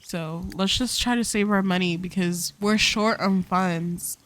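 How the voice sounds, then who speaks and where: A young woman giving chatty, excitable commentary while playing a life-sim video game, breaking into loud laughs and squeals. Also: on the low side, measured pace. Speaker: gaming YouTuber. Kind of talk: casual let's-play commentary. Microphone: desk microphone.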